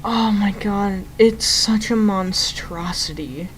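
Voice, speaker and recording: A woman's voice: medium pitch, slow pace, slight background noise, low-quality recording. A young woman chatting casually over her gameplay, often laughing in amused disbelief at what she once built. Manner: laughs often, amused and incredulous at her own old build. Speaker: game streamer.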